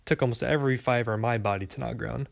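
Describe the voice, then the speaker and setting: A man's voice: medium pitch, steady tone, fast, creaky, dry recording, clean studio sound. A man reading a first-person story aloud with a wry, sarcastic delivery. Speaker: audiobook narrator.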